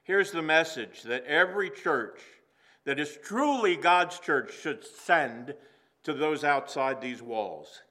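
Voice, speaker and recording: A man preaching a sermon to a congregation in a church, earnest and slowing down for emphasis. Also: a little high, lively intonation, sharp tone. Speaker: pastor. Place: church sanctuary.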